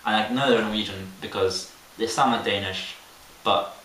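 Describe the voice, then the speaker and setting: A man's voice: on the low side, normal speed, a bit bright. A young man co-hosting a podcast, telling a rambling, laugh-filled story and mimicking the voices in it. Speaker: podcast co-host. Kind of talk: casual chat. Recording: roomy, distant mic with faint hiss.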